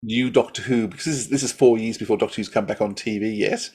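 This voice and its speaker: Male host, mid pitch, husky tone, chatty interviewer. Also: steady tone, fast talker. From Australia. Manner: warm, complimentary, rambling questions. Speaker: podcast host. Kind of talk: podcast interview.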